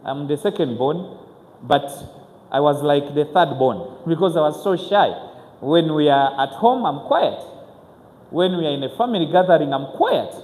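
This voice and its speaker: A man, telling his own story to an audience as a motivational speaker, earnest and halting, with frequent restarts. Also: a little high, lively intonation, darkish tone. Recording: echoey hall with faint ambience.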